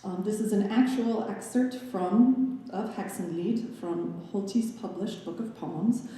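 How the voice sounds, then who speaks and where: A woman's voice: mid-range voice, unhurried, warm tone. Woman lecturing in a roomy recital hall. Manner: wry asides, playful humor in a scholarly talk. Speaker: graduate student giving a lecture recital. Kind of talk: presented lecture with slide analysis.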